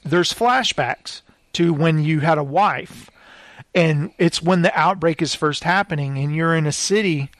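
A man with a slightly high, unhurried voice tells a long story in casual chat, laughing often and acting out characters' lines in raised voices. The studio recording is clean, with no room sound.

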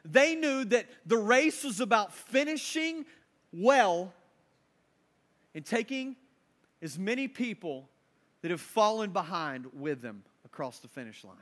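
Man, 30s, pastor, sermon, casual storyteller, high voice. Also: very animated, measured pace, a bit bright. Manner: casual storytelling, asks the crowd questions.

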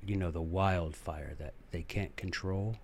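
A man's voice: low voice, fairly even intonation, unhurried, slight background noise. A man hosting a podcast, telling a history story in a casual, chatty way with joking asides and acted-out characters. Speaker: podcast host.

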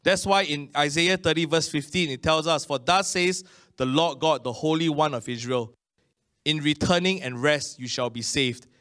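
A middle-aged man with a Singaporean English accent preaches a conversational sermon, often saying "Amen" and stressing slow, emphatic phrases. His voice is on the high side and a bit bright.

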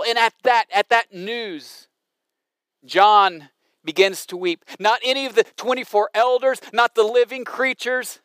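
A man's voice: sits high, a bit bright, smooth, no room sound, clean studio sound. A man preaching a sermon in an emphatic, dramatic way, with frequent restarts. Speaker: pastor.

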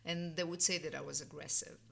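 A man's voice: a little high, steady tone, fast, vocal fry, a crowd in the background. An older man from Israel with an Israeli accent, speaking English in an interview and talking directly, sometimes searching for the right word. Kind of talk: conversational interview.

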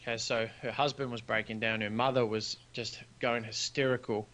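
A man's voice: medium pitch, moderate pace. A man, a business founder telling a personal story as a podcast guest, earnest and acting out the dialogue. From New Zealand. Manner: earnest, animated storyteller who acts out quoted dialogue.

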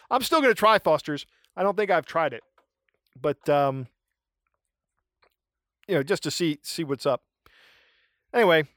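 A man hosting a podcast, talking in a rambling, animated way and stopping to search for words. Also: on the high side, dry recording, studio quality. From United States. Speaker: podcast host. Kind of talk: casual podcast chat.

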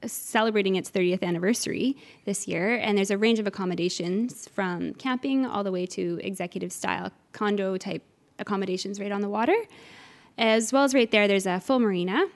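A woman's voice: mid-range voice, brisk. A middle-aged woman from Newfoundland, an interview guest who organizes cooking classes, talking in an eager, chatty way with frequent uhs. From Newfoundland, Canada. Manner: enthusiastic, warm, chatty with filler uhs. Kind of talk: conversational interview answers.

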